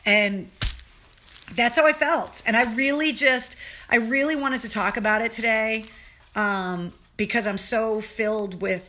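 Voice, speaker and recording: Bright-voiced woman hosting an emotional livestream. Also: on the high side, unhurried. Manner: earnest, emotional, swears freely, rambling restarts. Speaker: livestream show host. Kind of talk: casual livestream talk to viewers.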